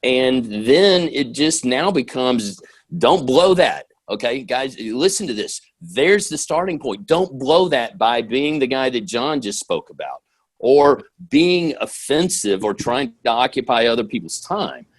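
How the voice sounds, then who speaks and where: A man co-hosting a sales podcast, giving casual advice and often dropping his voice low to stress a point. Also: animated, a little slow. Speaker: podcast co-host.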